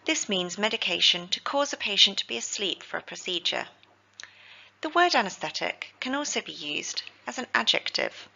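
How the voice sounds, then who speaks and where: A woman, teaching healthcare vocabulary in a scripted lesson, with slow, careful pronunciation drills. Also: mid-range voice, gravelly, bright, forceful tone, muffled recording.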